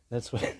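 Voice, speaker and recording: A man vlogging in a gravelly morning voice, musing in a rambling way and often breaking off mid-sentence, about faith and everyday life. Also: a little high, dark tone. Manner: rambling, self-interrupting musing. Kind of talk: casual spiritual vlog monologue.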